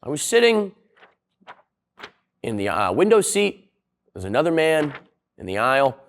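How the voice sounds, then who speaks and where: A man's voice: a little high, sing-song, measured pace. A young man hosting a casual comedic video essay, rambling and sarcastic, with plenty of swearing. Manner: profane, rambling, sarcastic storyteller.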